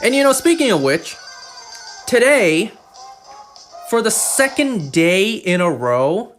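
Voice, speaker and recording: A man's voice: sits high, big pitch swings, takes it slowly, a bit bright. A man with a Canadian accent, chatting casually and rambling as a streamer while he plays. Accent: Canadian English. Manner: rambling, chatty, repeats himself. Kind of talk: casual chat while gaming. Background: game music.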